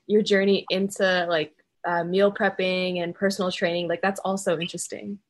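A woman hosting a podcast, welcoming a guest and reading a disclaimer in a friendly, relaxed way with frequent fillers. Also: lowish voice, normal speed. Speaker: podcast host.

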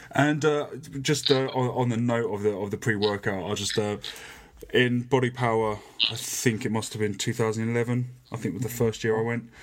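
Chatty, laughing podcast host. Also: male voice, mid-range voice, steady tone, normal speed. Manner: chatty, laughs a lot, restarts. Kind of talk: casual podcast interview.

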